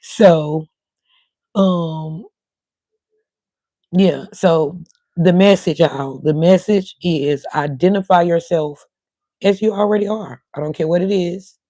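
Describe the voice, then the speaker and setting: A middle-aged woman chats loosely with her livestream viewers, wandering from one thing to the next. Her voice is warm and relaxed and keeps cutting in and out. The sound is dry and close. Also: lowish voice, slow pace, long pauses, no echo. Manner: rambling, talks to viewers in chat. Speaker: livestream host. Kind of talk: casual livestream chat.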